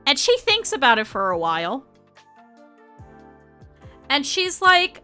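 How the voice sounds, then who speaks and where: A young woman with a high, bright voice tells a story to her stream in a loose, chatty way. She is animated and laughs often as she talks, and faint music plays under her voice. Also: slow pace, long pauses. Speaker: VTuber streamer. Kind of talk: casual storytelling to stream chat.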